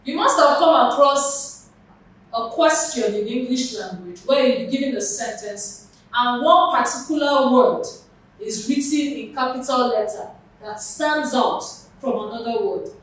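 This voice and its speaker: A woman's voice: high-pitched, measured pace. A woman with a Nigerian accent teaching English for an exam, explaining patiently with examples. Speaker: English tutor. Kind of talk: exam prep lesson. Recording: very echoey room, mic far off.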